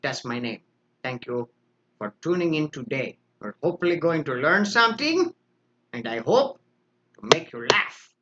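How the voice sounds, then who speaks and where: A man's voice: fairly high pitch, very animated, sharp tone, dull audio, a little hiss or hum. Joking man hosting a live stream. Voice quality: joking, self-mocking, quick asides. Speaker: host. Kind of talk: casual live-stream chat.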